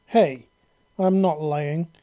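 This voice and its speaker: A man's voice: sits high, expressive, moderate pace, mellow. A man voicing a brash young human soldier who swears and talks bluntly but nervously. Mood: defensive.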